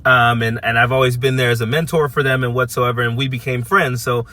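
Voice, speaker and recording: A man of fifty telling a casual story to camera from his parked car, animated, acting out what people said, with frequent restarts. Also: mid-range voice, brisk. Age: 50s. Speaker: vlogger. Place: parked at a car charging spot by a busy street.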